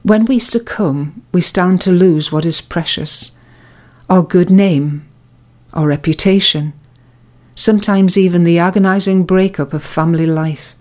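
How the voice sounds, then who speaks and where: A woman with a lowish voice gives a scripted spiritual reflection. She tells a moral tale very slowly, in a calm, measured and reflective manner, letting each phrase land. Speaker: devotional presenter.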